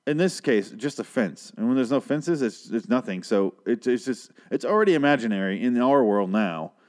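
This podcast host recaps a TV episode in loose, profanity-heavy chat, wandering off topic and cutting into his own sentences. His voice is mid-range and somewhat dark, with lively intonation and an ordinary pace.

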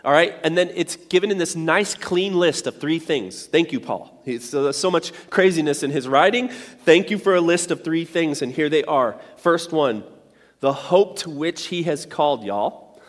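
A man preaching a sermon as pastor, conversational and animated, with playful asides. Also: a little high, normal speed. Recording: reverberant hall.

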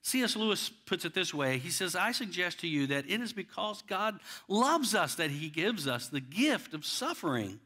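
A man preaching with a high, bright voice. He talks to his listeners in a conversational way, pausing for effect and acting out the quotes. It comes across as a sermon from the pulpit. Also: big pitch swings. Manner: conversational preaching, dramatic pauses and acted-out quotes. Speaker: pastor.

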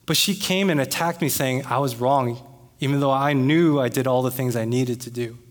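A man preaching a sermon as pastor, talking in a conversational way and becoming animated when he retells an argument. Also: medium pitch, moderate pace. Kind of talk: sermon with personal story. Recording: long reverb of a hall.

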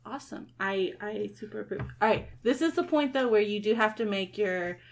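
A woman's voice: mid-range voice, a little fast. Woman game master, lots of ums. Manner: relaxed, hesitant with many ums. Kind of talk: running a tabletop game.

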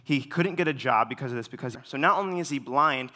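A young man giving a sermon in a relaxed way, full of fillers, telling stories with animation. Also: mid-range voice, fast. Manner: relaxed, filler-heavy storytelling; animated when retelling stories. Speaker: preacher. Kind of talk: casual sermon.

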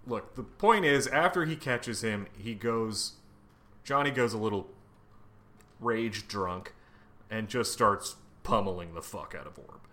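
Man, podcast co-host, casual comic recap, slow pace, rather low voice, profane, filler-heavy. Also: pushed and bright.

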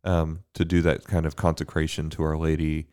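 A man, a priest co-hosting a podcast, talking in a relaxed, thoughtful way with frequent fillers and easy laughs. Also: extremely low pitch, fairly quick, smooth. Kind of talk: casual faith podcast chat.

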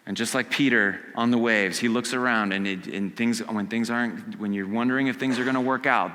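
A man preaching a casual, conversational sermon. He acts out quotes and swings from hushed to loud. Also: fairly low pitch, fairly even intonation, a little fast, hardly any pauses, big-room sound. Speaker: pastor. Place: church sanctuary.

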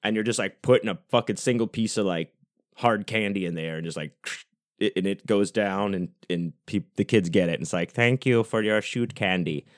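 A man hosts his own podcast in a loose, rambling monologue, dropping casual profanity as he goes. His voice sits low, and the sound is dry, with no room echo. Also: brisk. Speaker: podcast host.

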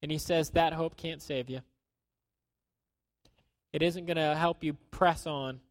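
A man preaching a sermon in a conversational way, acting out quotes and dropping to a hushed tone at times. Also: on the high side, fairly even intonation, measured pace, dry recording. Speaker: pastor.

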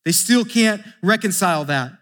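High-voiced man preaching in a reverberant hall. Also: normal speed. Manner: animated, acts out scripture dialogue, drops to quiet asides. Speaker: pastor. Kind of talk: sermon.

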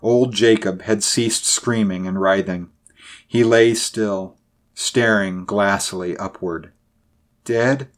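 A man reading a story aloud in a measured, dramatic narration. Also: on the low side, fairly even intonation. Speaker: audiobook narrator. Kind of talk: scripted narration.

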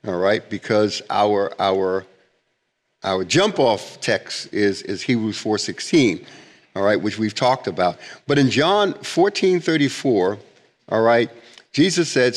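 A man's voice: mid-range voice, expressive. Guy teaching bible stuff, emphatic, voice jumps around a lot, echoey room. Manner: emphatic, repeats himself, reads scripture slowly.

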